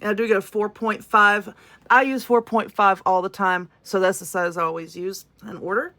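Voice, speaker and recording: Bright, gushing Southern US woman. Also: mid-range voice, fairly even intonation, normal speed. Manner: gushing and exclamatory. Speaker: crafting vlogger. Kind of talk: excited unboxing chat.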